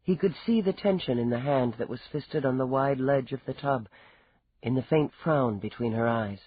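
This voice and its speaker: A man reading an audiobook in scripted narration with an even, measured manner. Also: mid-range voice, husky, lo-fi sound.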